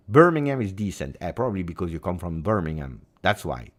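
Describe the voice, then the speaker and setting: Guy ranting about football on his channel, low voice, bounces up and down a lot. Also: lively intonation, a little fast, few pauses. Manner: emphatic, theatrical, jumps between loud and hushed. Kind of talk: animated football commentary vlog.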